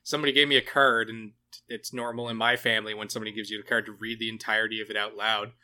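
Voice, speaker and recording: Male podcast host, bright tone, fast and profane banter. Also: on the low side. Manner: animated, profane, jokey. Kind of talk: casual podcast chat.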